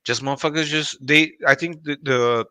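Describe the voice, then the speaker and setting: A man with a bright, tense-edged voice talks casually about boxing, rambling and swearing freely. His fillers pile up as he circles his point. The sound is dry and close. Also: fairly high pitch, steady tone, moderate pace, smooth, no room sound. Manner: rambling, profane, full of fillers. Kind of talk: casual chat.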